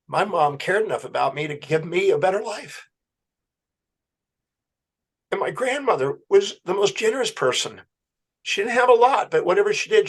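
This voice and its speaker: A man telling a story as a podcast guest, acting out a client's words and his own questions. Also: on the high side. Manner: animated storyteller, quoting a client's answers.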